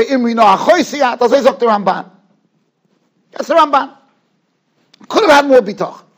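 A man, a rabbi, giving an animated Torah lecture in a yeshiva study hall, telling stories with quick asides. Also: very high-pitched, husky.

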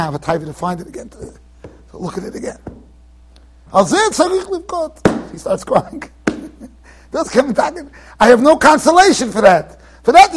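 A very high-voiced rabbi leads a Torah class for students in the yeshiva study hall. Animated and emphatic, he plays the roles of those he quotes, breaking into abrupt loud bursts, then dropping into quiet asides that trail off.

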